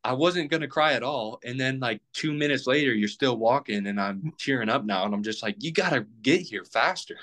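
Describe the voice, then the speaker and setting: A man's voice: mid-range voice, fairly quick, few pauses, fairly bright tone. A young man in his twenties, a podcast guest rambling casually with plenty of fillers and restarts. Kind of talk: casual chat.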